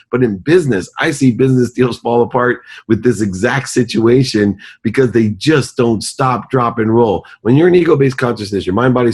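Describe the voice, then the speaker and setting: Deep-voiced man giving earnest motivational talk. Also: slightly rough. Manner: earnest, emphatic, preacher-like delivery. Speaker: guest, company CEO. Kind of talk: motivational storytelling in a podcast interview.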